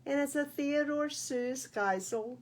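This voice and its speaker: A woman librarian reading picture books aloud at a baby storytime, animated and sing-song, talking to little listeners. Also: sits high, slow. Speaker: children's librarian.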